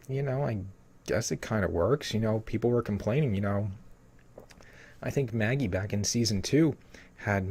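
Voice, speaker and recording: A man giving a casual spoiler rundown of a TV episode, reading bits of a summary and rambling with lots of filler words. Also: on the low side. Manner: rambling, heavy with "you know" fillers.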